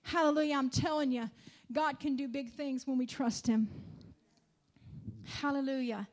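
A woman's voice: high-pitched, fairly even intonation, normal speed. A woman preaching a church sermon, calling out hallelujahs and asking the congregation to respond, building to emphatic declarations. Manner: call-and-response with frequent hallelujahs.

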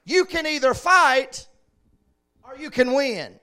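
A man preaching a sermon, swinging between shouted peaks and quiet asides. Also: extremely high pitch, very animated, measured pace.

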